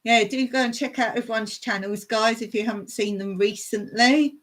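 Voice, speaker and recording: A woman's voice: on the high side, normal speed. A woman hosting a casual live stream from her home in the countryside, chatting in a rambling way and reading viewer comments aloud. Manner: chatty, rambling, reads viewer chat aloud and laughs often.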